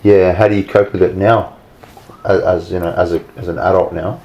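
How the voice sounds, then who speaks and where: Low-voiced, reflective man. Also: steady tone, fairly quick, a little mellow, highs cut off. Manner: reflective, thoughtful. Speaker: podcast co-host. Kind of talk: casual chat.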